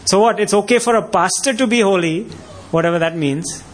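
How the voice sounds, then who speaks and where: A man preaches with a high voice for a man. He is emphatic and keeps firing rhetorical questions at his listeners. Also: a little fast. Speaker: pastor. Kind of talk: sermon.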